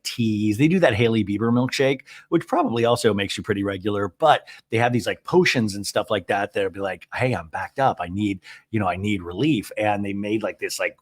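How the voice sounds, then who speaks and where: A man hosting a comedic TV recap podcast, animated and giggly, rambling into confessional asides. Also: medium pitch. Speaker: podcast host.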